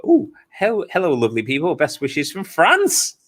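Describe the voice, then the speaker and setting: A man's voice: on the high side, wildly swooping pitch, normal speed, fairly bright tone, slight background noise. A man hosting a livestream, chatting casually, joking and laughing often as he reads out viewer comments. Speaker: livestream host. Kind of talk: casual chat.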